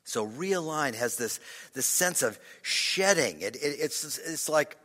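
Slow, bright-toned preacher in a reverberant hall. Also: male voice, on the high side, expressive. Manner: halting, repeats words, drops to a hush for effect. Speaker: pastor. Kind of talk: sermon.

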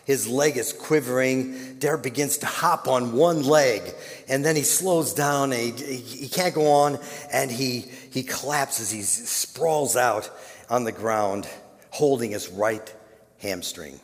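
A male pastor telling a story in a sermon, dropping to a hush and then building to loud, dramatic peaks. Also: medium pitch, a little slow. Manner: dramatic, swinging from hushed to loud. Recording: long reverb of a large hall.

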